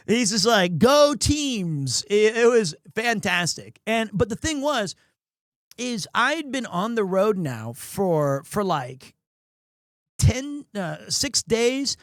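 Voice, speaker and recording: A man's voice: high-pitched, expressive, slow pace, pauses often, a bit bright, no echo, studio quality. A young man streaming live, telling a rambling story with lots of restarts and chatting with viewers. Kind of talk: casual livestream chat.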